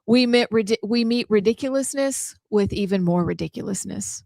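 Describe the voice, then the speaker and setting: A woman co-hosting a talk show, bantering in a playful, animated, teasing way. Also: medium pitch, normal speed, creaky, no room sound. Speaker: co-host.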